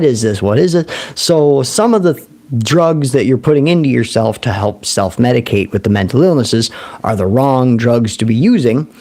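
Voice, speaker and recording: A man hosting a recovery livestream in casual talk, animated, laughing often and answering his own questions. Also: fairly high pitch.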